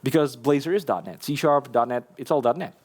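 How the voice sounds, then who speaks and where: A man's voice: mid-range voice, a little fast, husky. Chatty man giving a conference tech talk. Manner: casual, chatty, many fillers and restarts. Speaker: conference speaker. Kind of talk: live tech talk with demo. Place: conference hall.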